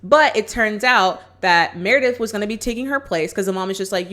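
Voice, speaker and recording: A woman's voice: mid-range voice, a little fast, few pauses, sharp tone. A woman vlogger casually recapping a movie plot in a chatty, upbeat way, speaking straight to her viewers. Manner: chatty, acts out characters' lines while retelling.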